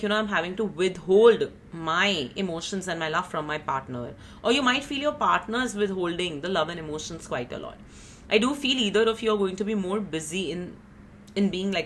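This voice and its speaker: A woman's voice: mid-range voice, a bit bright, a little hiss or hum. A woman giving a casual tarot reading, chatty and rambling, teasing herself as she goes. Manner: chatty, rambling, self-teasing, frequent "you know" and "like". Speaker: tarot reader.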